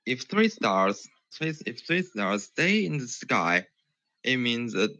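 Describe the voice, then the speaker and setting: A man calling into a livestream, explaining something in a second language, halting and restarting often, heard over muffled call audio. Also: mid-range voice, very animated, pushed and bright, no echo. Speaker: caller. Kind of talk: casual chat in a second language.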